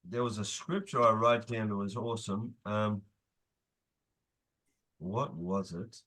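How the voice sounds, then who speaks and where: A man's voice: on the low side, slow, fairly bright tone. A man leading a motivational group session as coach, emphatic, repeating key phrases and swearing casually.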